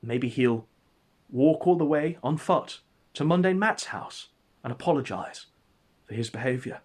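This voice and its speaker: A man telling an absurd story as comedic narration, in a deadpan, mock-epic way. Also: medium pitch, measured pace.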